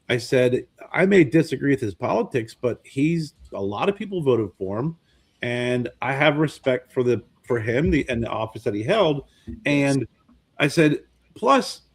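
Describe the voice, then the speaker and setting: Male podcast co-host, medium pitch, animated storyteller, relaxed chat. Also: husky. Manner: animated storyteller, acts out quoted voices.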